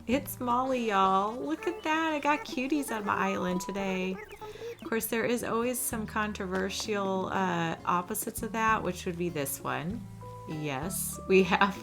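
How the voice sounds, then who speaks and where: A young woman hosting a gaming channel, giving casual, chatty commentary over her gameplay in a cozy way. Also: lowish voice. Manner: chatty and cozy, often says "little". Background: background music.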